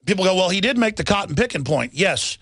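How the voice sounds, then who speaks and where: A middle-aged male radio host with a gravelly, somewhat high voice, talking urgently and with heavy emphasis. He rattles through headlines in an impassioned monologue. The sound is close and dry. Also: animated, quick pace, fairly bright tone, dry recording. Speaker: radio talk show host.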